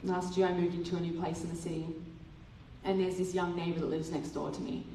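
A woman's voice: fairly low pitch, a little fast, slight background noise. Woman telling a story in an echoey hall. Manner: lively storyteller acting out dialogue. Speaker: church speaker. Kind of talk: testimony sermon. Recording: roomy hall from a distant mic.

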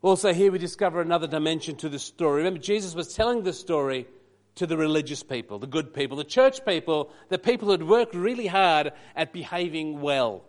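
Male preacher, high pitch, animated sermon delivery with quiet asides. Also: a little fast. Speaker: pastor.

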